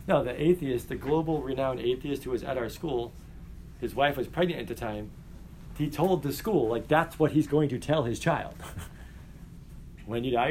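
A middle-aged male teacher lecturing his class in an animated way, often putting questions to the students. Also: mid-range voice, creaky, a little hiss or hum.

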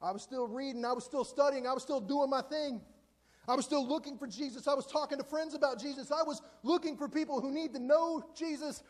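Casting: man in his 40s, very high voice, chatty self-deprecating sermon, long hall reverb. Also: brisk. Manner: conversational, joking, self-deprecating. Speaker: preacher.

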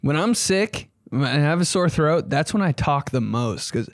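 A man's voice: on the high side, animated, normal speed, no echo, clean studio sound. A man hosting a comedy podcast, telling stories in a rambling, profane way and acting out the people he quotes. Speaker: podcast host and stand-up comedian. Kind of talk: casual comedic storytelling.

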